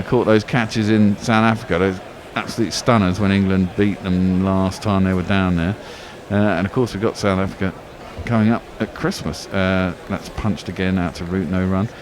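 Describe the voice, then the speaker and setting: A man giving live ball-by-ball radio cricket commentary, excitable, swearing and arguing with his co-commentator. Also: on the low side, normal speed, few pauses, slight background noise. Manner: excitable, swears freely, argumentative banter.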